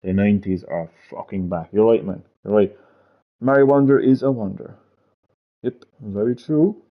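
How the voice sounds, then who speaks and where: A man's voice: lowish voice, normal speed. A man chatting on a gaming live stream, rambling, swearing freely and repeating himself. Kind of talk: casual live-stream chat. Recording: dull lo-fi stream audio.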